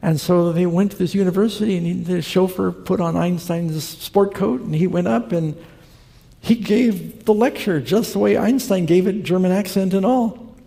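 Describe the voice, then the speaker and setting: A man's voice: high voice, normal speed, creaky, warm tone, in a large hall. A man preaching a sermon, telling stories in an earnest, conversational way and quoting scripture. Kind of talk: sermon with storytelling.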